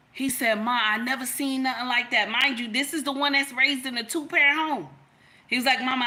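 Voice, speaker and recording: A woman's voice: sits high, pushed and bright. A woman, giving an emphatic, storytelling opinion monologue in which she repeats her points. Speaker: content creator.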